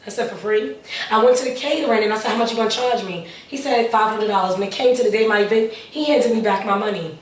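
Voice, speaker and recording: A woman's voice: fairly high pitch, fast talker, distant mic. An earnest woman, an interview guest, telling her personal testimony with prayerful asides and repeated phrases. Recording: echoey room, voice a little off-mic, faint background noise.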